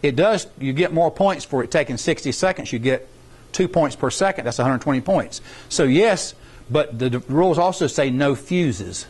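A man's voice: fairly high pitch, lively intonation, moderate pace, darkish tone, husky. A middle-aged man, explaining rules to students in an informal, rambling workshop style and repeating points for emphasis. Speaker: science competition workshop instructor.

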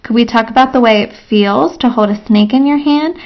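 A woman's voice: fairly high pitch, a little fast, natural voice. A woman reading the lines of an eager schoolboy asking a question, on a lo-fi recording.

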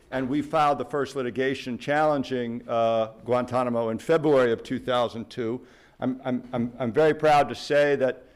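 A man, a litigator, speaking in a measured, halting way on an academic panel in a lecture hall. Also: mid-range voice, clear, resonant tone. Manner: measured, hesitant, many restarts.

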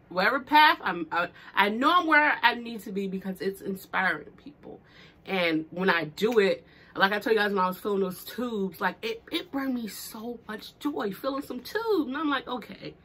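A young woman vlogging about her small business, teary and emotional, speaking in fervent motivational declarations. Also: medium pitch. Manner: animated and expressive, many fillers. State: teary from crying. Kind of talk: casual heartfelt talk to camera.

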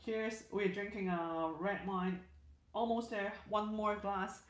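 In an echoey room, a woman running a casual livestream reads comments from viewers aloud, chatting as she goes and frequently repeating herself or restarting sentences. Her voice is mid-range and she takes it slowly.

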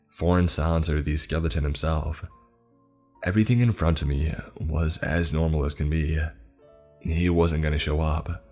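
A man narrating a horror story in the first person, measured and somber. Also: rumbling low, darkish tone.

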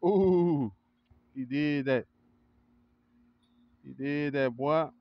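Man vlogger, casual backyard hype commentary, cheers loudly and laughs a lot, mid-pitched, slightly muffled lo-fi phone sound. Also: moderate pace. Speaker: vlogger and kennel owner. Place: outdoor backyard by a grill.

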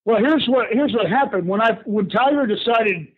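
A man's voice: high voice, moderate pace, slightly rough. An older man, a guest telling stories casually over the phone, acting out the people he quotes and laughing often. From Houston, Texas. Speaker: guest, former pro wrestler. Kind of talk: casual storytelling. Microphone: phone call. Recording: tinny phone line.

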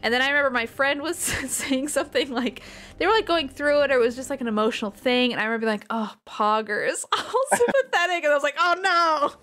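A woman's voice: high voice, animated, quick pace, a bit bright. A woman chatting casually and playfully on a gaming stream, laughing often. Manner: playful, giggly, jokey.

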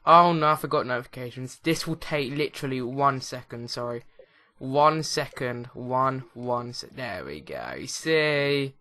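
Jokey young man, bright voice. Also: mid-range voice. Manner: rambling, jokey, with many restarts. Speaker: let's play host. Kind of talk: casual gameplay commentary.

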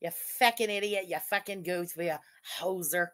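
A woman's voice: on the low side, moderate pace, a bit bright. Sarcastic, foul-mouthed woman streamer. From Canada. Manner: sarcastic, profane, laughs often. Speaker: streamer host. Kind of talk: casual livestream commentary.

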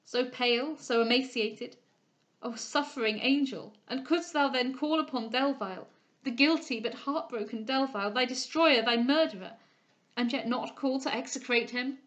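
A woman reading aloud, voicing a passionate, remorseful young gentleman lover in a slow, declamatory way. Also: high voice, highs cut off, pitched above the performer's own voice, natural voice. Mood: impassioned.

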